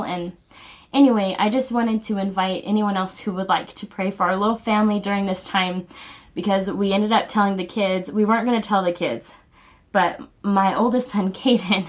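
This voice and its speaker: A woman vlogger speaking in an earnest, heartfelt, halting way as she shares personal family news straight to camera. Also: medium pitch. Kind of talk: personal video announcement.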